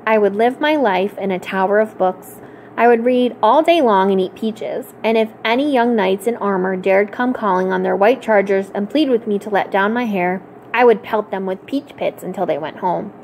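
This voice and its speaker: A woman reading a children's novel aloud for a library storytime, in an expressive, clear storytelling manner. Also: mid-range voice, normal speed, slight background noise.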